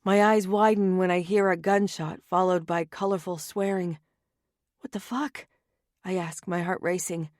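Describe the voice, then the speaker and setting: A woman narrating a first-person romance audiobook in a wry, anxious and often hushed manner, on a close studio mic. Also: fairly low pitch, steady tone, moderate pace, few pauses, no room sound.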